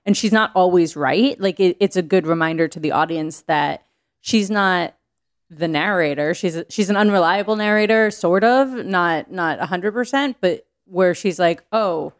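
A woman's voice: fairly low pitch, normal speed. A woman talking casually as a podcast guest, rambling with frequent restarts and casual swearing. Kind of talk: casual chat.

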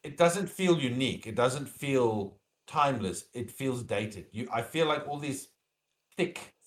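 A man's voice: medium pitch, animated, unhurried, a little hiss or hum. A man co-hosting a podcast in casual chat, rambling with lots of fillers and restarts, and getting opinionated and emphatic when he argues a point. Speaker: podcast co-host.

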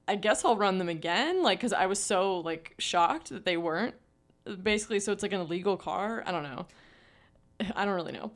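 A young woman co-hosting a podcast, telling a story in casual chat, full of "like" fillers. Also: mid-range voice. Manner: chatty storytelling with many "like" fillers. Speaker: podcast co-host.

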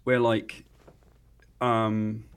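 Speaking extremely slowly in a smooth, fairly low voice, a comic writer from Britain spins a casual story as an interview guest. He brings it to life by acting out each line of quoted dialogue.

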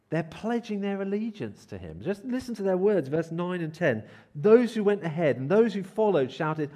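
Man preaching in church, slightly high voice, animated delivery, acts out shouts. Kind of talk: sermon.

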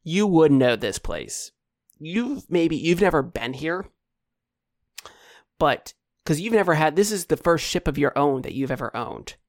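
A man narrating as game master of a tabletop game in a relaxed, easygoing way. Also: fairly high pitch, unhurried, no echo, clean studio sound.

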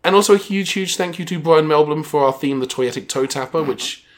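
A man's voice: fairly high pitch, a little fast. A man co-hosting a movie podcast, wry and chatty as he makes plugs and jokes. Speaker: podcast co-host. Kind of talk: casual chat.

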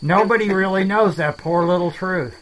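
A man's voice: high voice, crowd noise, close to an everyday voice, low-quality recording. A man as a rambling swamp alligator. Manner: rambling, halting, self-deprecating. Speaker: main character of a comedy podcast. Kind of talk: improvised comedy dialogue.

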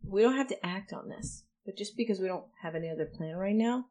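A woman playing a tabletop game, eagerly asking questions and pitching ideas. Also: quick pace, mellow. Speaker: player. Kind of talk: casual game chat.

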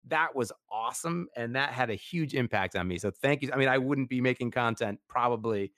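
Fast-talking enthusiastic man host. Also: medium pitch, a bit bright, dry recording, clean studio sound. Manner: enthusiastic, heavy use of "like" and fillers. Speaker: podcast host. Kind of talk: casual interview chat.

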